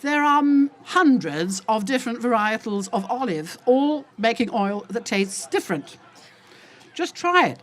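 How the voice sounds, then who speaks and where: An older woman giving an emphatic, indignant and rambling talk to a festival audience as an olive oil seller, addressing them as ladies and gentlemen. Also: measured pace. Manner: lively, with wide jumps in pitch. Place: outdoor food festival.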